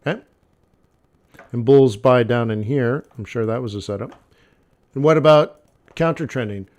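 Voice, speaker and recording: A man with a medium-pitched, slightly mellow voice speaks at normal speed but leaves long pauses while coaching a live forex trading session. He addresses the viewer bluntly and casually, repeating phrases and peppering his talk with "okay" and "like."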